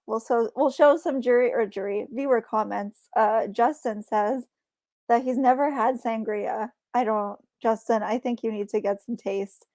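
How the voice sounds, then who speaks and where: A woman's voice: fairly high pitch, mellow. A woman hosting a live stream, upbeat and chatty, stalling for time and hyping up the next guest. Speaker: host.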